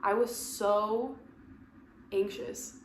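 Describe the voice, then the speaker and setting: A woman's voice: medium pitch, steady tone, drawn-out words. Candid, heartfelt woman guest. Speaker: podcast guest. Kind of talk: casual chat. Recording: roomy echo with faint background noise.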